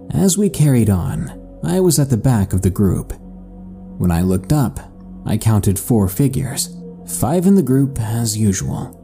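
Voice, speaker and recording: A man narrating a listener's horror story in a measured, suspenseful first-person read for a podcast. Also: fairly low pitch, gravelly, dark tone. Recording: faint music bed under voice.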